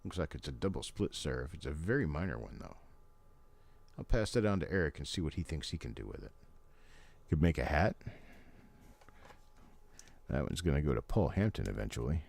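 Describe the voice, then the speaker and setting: A man's voice: very deep voice, sing-song, fairly quick, creaky, long pauses, a little mellow. An older man hosting a live stream from his home in casual chat, rambling and folksy with chatty asides. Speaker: host.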